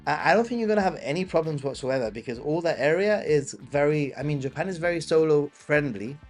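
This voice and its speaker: Man, Gibraltarian accent, slightly high voice, live Q&A host, chatty, off-the-cuff, soft music underneath. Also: expressive, a little fast. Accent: Gibraltarian English. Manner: chatty, reads viewer questions and answers them off the cuff. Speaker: travel channel host. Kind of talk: live-stream Q&A.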